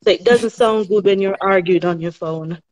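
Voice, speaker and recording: A woman calling into a live stream, speaking calmly and reassuringly. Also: mid-range voice, moderate pace, a little hiss or hum. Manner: calm, reassuring. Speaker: caller. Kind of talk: casual chat.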